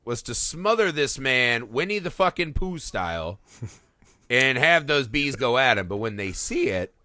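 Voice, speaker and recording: A man co-hosting a casual film podcast, talking in an animated way, swearing freely and laughing as he acts out scenes. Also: medium pitch, a little slow, no echo, studio quality. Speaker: podcast co-host.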